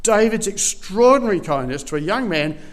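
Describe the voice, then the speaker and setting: A man delivering a sermon with a fairly high voice. He tells the story in a relaxed, conversational way, stumbling and restarting as he goes. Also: brisk. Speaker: preacher.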